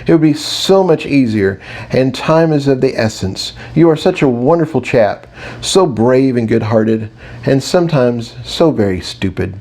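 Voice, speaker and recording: A man's voice: mid-range voice, animated, unhurried, a little mellow. A man voicing the hero's fussy, exasperated analytical side in an audiobook.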